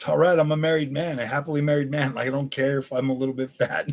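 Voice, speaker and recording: A man's voice: mid-range voice, level tone, quick pace, creaky. A man in his forties chatting on a live stream, answering viewers in a blunt, combative, profane way. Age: 40s.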